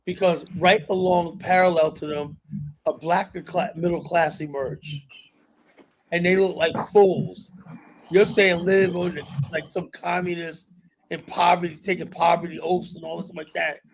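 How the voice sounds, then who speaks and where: A male podcast host with a slightly raised pitch drives a heated panel debate. He talks emphatically, argues hard and swears freely as he makes his case. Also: fairly even intonation, measured pace, gravelly, slight background noise. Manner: emphatic, argumentative, loose with profanity.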